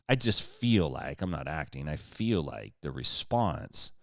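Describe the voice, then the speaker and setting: A man's voice: deep voice, no echo, studio quality. A man talking on a podcast in a casual, fired-up rant, swearing freely and slipping into sarcastic jokes. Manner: sarcastic joking. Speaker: podcast guest.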